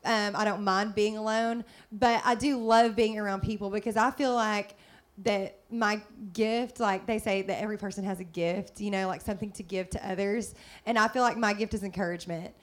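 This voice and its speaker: A middle-aged woman, chatting warmly and upbeat with lots of fillers in a faith-based talk. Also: mid-range voice, fairly even intonation, moderate pace. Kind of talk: casual faith-based chat.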